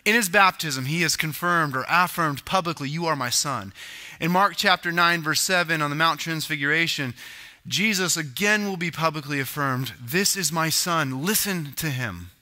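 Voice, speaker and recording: A man's voice: fairly high pitch, normal speed, bright, forceful tone. A man preaching a sermon as pastor, teaching in a conversational way with asides and self-corrections.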